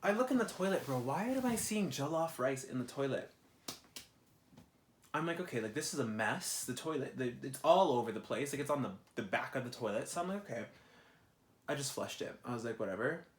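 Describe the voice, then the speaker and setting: A man's voice: medium pitch, fairly quick. Exasperated young man ranting. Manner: animated, exasperated, heavy swearing. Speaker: vlogger. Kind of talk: ranting vlog monologue. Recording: roomy echo.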